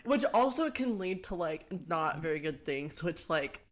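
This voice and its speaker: A woman's voice: lowish voice, animated, measured pace. Giggly young woman podcast co-host. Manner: bubbly, giggly, blunt, swears freely. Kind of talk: casual podcast chat.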